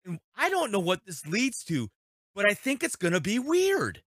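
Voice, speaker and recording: Bright, animated ranting man. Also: high-pitched, normal speed, dry recording. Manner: ranting, laughing, emphatic. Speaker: podcast panelist. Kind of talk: casual ranting.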